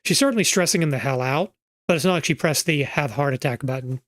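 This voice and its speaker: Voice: medium pitch, fast talker, no room sound, clean studio sound. Wry streamer with a sore throat. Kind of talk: casual gameplay commentary.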